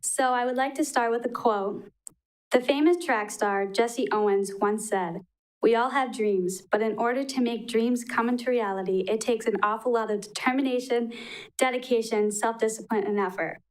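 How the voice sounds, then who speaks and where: At a council chamber podium microphone, a young woman from Wisconsin speaking as a public commenter reads an earnest prepared tribute, a little emotionally. Her pitch is fairly high and her pace moderate, and the recording is rough.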